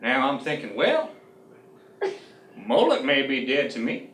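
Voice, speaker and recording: A man's voice: mid-range voice, huge pitch swings, measured pace, fairly bright tone, slight background noise. A man playing a fussy, folksy old deli owner who tells his story in a prim, easily offended drawl. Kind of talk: comic sketch monologue. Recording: roomy sound from a distant mic.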